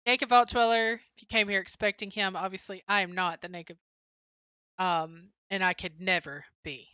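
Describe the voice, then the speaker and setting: Young woman, stream co-host, bright, close dry sound, casual chat-reading, lots of "um". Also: on the low side, clean tone, no echo, dull audio. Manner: chatty, answers chat names, frequent "um" fillers. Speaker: livestream co-host. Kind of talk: casual livestream chat, reading viewer comments.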